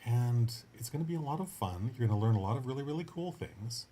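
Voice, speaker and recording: A man's voice: mid-range voice, animated, quick pace, warm tone. Guy coaching writers, encouraging and earnest, mid voice, lil bit of background hiss. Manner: earnest and encouraging, with frequent restarts and upbeat asides. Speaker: writing coach and podcast host. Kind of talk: casual motivational coaching monologue.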